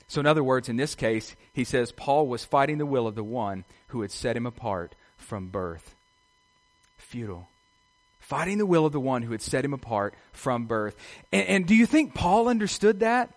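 A man's voice: medium pitch, sing-song, normal speed. A man preaching a sermon, his voice climbing and falling sharply in volume as he asks his listeners questions. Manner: rises and drops sharply in loudness, asks the congregation questions. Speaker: pastor. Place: outdoors.

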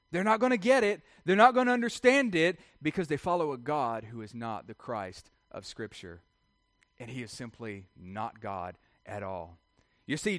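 Conversational pastor preaching. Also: male voice, fairly high pitch, no echo, clean studio sound. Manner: conversational preaching with rhetorical questions. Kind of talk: sermon.

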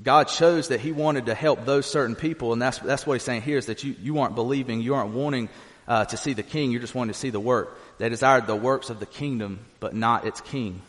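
A man's voice: mid-range voice, brisk, fairly bright tone, big-room sound. A man reading scripture aloud and then preaching on it in an earnest, plain-spoken way, often restarting his phrases. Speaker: pastor.

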